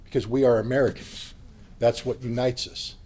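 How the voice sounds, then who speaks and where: A man giving an impassioned, blunt political speech at a convention, sometimes rising to a yell. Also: mid-range voice, level tone, normal speed. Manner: blunt, combative, rising to yelling. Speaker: convention speaker. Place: convention hall.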